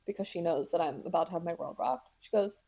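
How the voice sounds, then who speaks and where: A woman's voice: lowish voice, lively intonation, quick pace, creaky, dark tone, breathy edge. A woman in her twenties hosting a podcast, telling a story in casual chat with sarcastic, dramatic asides and acted-out voices. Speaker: podcast host.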